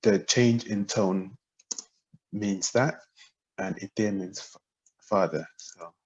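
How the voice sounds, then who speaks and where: Slow low-voiced man teaching a language. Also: a little mellow, husky. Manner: hesitant, lots of ums, spells out syllables and tones. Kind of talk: relaxed explanatory lesson. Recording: dull lo-fi audio without a proper mic.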